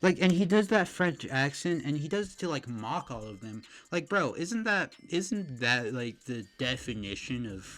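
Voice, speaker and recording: A man's voice: medium pitch, sing-song, moderate pace, hardly any pauses, fairly bright tone, low-quality recording. A man streaming a reaction, ranting with heavy profanity and mocking the people he criticizes.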